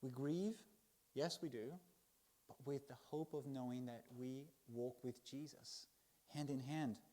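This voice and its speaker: A man preaching a Sunday sermon in church, expressive, swinging from loud emphasis to hushed words. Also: mid-range voice, slow pace.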